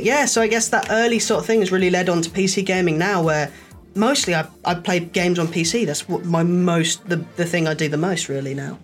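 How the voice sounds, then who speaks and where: A man telling stories in a casual chat, lively and acting out the people he quotes. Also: high-pitched. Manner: animated storyteller, acts out quoted voices.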